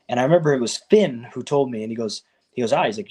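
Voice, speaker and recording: Animated man telling wrestling stories. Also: mid-range voice, fast. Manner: animated storyteller, acts out quoted exchanges. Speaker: guest, professional wrestler. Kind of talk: casual interview storytelling.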